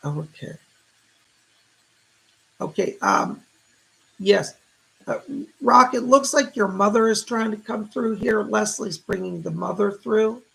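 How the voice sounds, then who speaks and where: Gravelly high-voiced man, a bit hoarse. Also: takes it slowly, long pauses, low-quality recording. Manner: warm thanks, relays spirit messages. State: hoarse, voice going. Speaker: psychic medium host. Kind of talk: live psychic readings.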